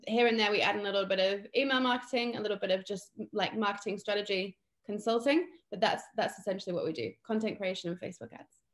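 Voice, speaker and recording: A woman's voice: mid-range voice, fast. A young British woman from England, a guest chatting casually in an interview with plenty of fillers and restarts.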